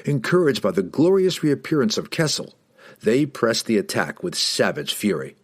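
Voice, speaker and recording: A man with a fairly low voice reads a fantasy novel aloud. His pitch rises and falls widely, giving the battle scenes a dramatic, expressive lift. He sounds like a practiced audiobook storyteller. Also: moderate pace, husky. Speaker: audiobook narrator. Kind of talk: scripted narration of a fantasy novel.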